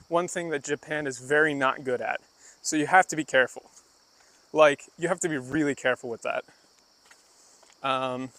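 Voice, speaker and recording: A man's voice: on the high side, fairly bright tone. A man casually live-streaming while walking outdoors, chatting loosely with many fillers and asides as he explains things to his chat. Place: outdoors on a rural walk.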